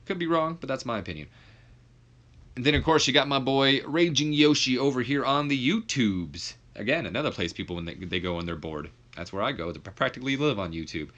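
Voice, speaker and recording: A young man casually commenting on his wrestling simulation game and joking with his viewers, sometimes leaping high in exasperation. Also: expressive, fairly quick, fairly bright tone, lo-fi sound. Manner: laid-back, jokey, swings up high when exasperated. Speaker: YouTuber playing a wrestling sim.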